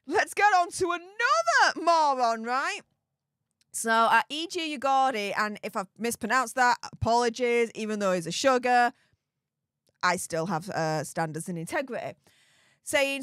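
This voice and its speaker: A woman's voice: on the high side, very animated, measured pace, a bit bright, no room sound, studio quality. A woman hosting a casual commentary vlog, talking in a sarcastic, mocking way and exclaiming often. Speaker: commentary channel host.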